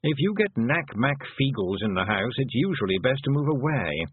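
Guy doing a mopey toad, slow and hesitant, husky, tinny phone-ish sound. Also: medium pitch, very animated, no echo. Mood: mournful. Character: gloomy talking male toad, mournful and cautious. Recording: dry, phone-like narrow sound.

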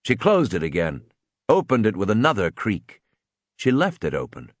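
A man narrating an audiobook in a dramatic, expressive way. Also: fairly low pitch, normal speed, no room sound.

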